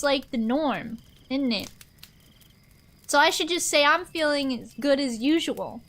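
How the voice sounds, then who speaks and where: A woman's voice: high voice, animated, measured pace, fairly bright tone. A young woman streamer chatting casually with her live audience, rambling and answering chat aloud.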